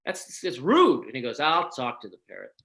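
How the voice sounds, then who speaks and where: A man co-hosting a comedy chat, telling jokes and doing quick impressions in a loose, animated way. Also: mid-range voice, gravelly, rough recording. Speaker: comedian and co-host.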